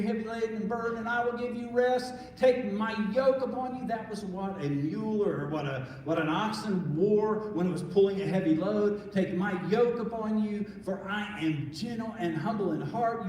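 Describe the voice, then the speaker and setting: High-voiced pastor preaching in echoey hall. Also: male voice, a little mellow, distant mic. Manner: earnest, conversational preaching with many restarts. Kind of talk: sermon. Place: church sanctuary.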